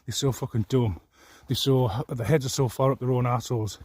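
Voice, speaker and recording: Husky guy going off on a sweary rambling rant, mid-pitched, sounds fed up. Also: steady tone, a little fast, a little mellow. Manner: profane, aggrieved, rambling. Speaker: vlogger. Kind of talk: angry personal rant.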